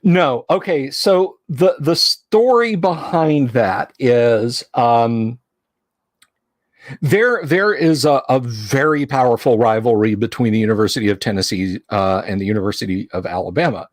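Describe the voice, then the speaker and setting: A man's voice: medium pitch, no echo. Man chatting on a dry livestream. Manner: rambling, teasing, halting with fillers. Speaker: livestream host. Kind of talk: casual livestream chat. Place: home studio.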